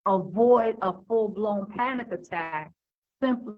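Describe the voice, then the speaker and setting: A woman's voice: medium pitch, a little slow, narrow, tinny audio. A woman giving an unscripted talk on handling fear, hesitant and full of fillers and restarts, heard over an online call. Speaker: speaker on overcoming fear.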